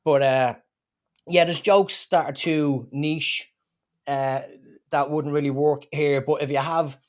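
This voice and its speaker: A man with an Irish accent, a comedian chatting in an interview and telling rambling, animated stories. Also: fairly high pitch, slow. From Ireland. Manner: rambling, animated storytelling with acted-out quotes. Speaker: comedian guest. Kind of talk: casual interview chat.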